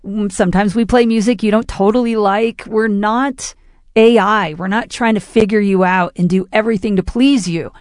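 A woman's voice: mid-range voice, steady tone, moderate pace, darkish tone, dry recording, clean studio sound. A woman radio DJ making an informal, earnest on-air appeal for donations.

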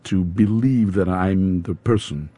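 A man with a Spanish accent, an opera singer interviewed in English, his second language, pausing often to search for words. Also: deep voice, mellow. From Spain. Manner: halting, searching for words with fillers.

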